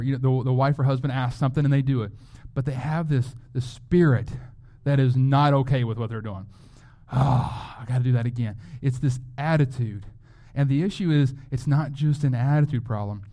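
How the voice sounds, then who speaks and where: A man's voice: medium pitch, warm tone. A man preaching a sermon as a pastor, in a conversational way, often asking rhetorical questions.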